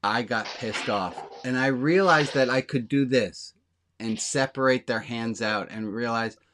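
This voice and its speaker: A man's voice: medium pitch, measured pace, background noise. A man speaking as a rabbi, giving a frank, plainspoken, conversational sermon to his congregation. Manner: talks directly to a small congregation.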